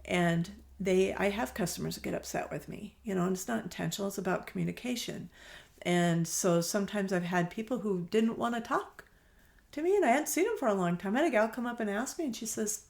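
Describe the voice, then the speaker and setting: Brisk and medium-pitched with some vocal fry, a middle-aged woman who owns a quilt shop tells stories on a conversational interview podcast. She's a chatty storyteller who voices the quoted lines and laughs readily.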